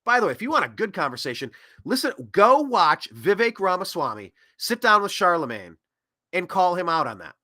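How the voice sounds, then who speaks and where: A man in his thirties hosts an opinion show in a bright, forceful voice that swings up and down. He rambles sarcastically and mocks the other side, pitched a little high for a man. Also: sing-song, fairly quick. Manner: rambling and sarcastic, with mocking put-on quotes. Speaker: host. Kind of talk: opinionated political commentary.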